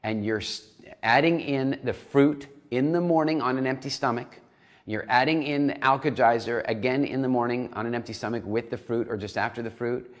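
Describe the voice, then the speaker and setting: Animated man coaching a nutrition program. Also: mid-range voice, normal speed. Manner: animated, acts out inner voices in dialogue. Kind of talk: recorded program lesson.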